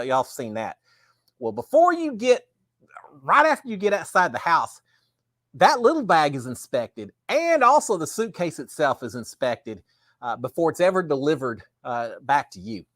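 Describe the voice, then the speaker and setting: Middle-aged man, folksy rambling host, animated pitch, dry close sound. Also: no room sound. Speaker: live show host. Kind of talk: casual live-stream chat.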